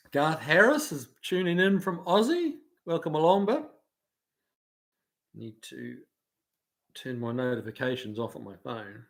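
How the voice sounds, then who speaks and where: Kiwi guy hosting a laid-back live chat, slightly high voice, laughs easily. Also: big pitch swings, takes it slowly, vocal fry, long pauses. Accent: New Zealand. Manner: easygoing, laughs often, hesitant with fillers. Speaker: livestream host. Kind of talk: casual live chat, reading out viewer comments.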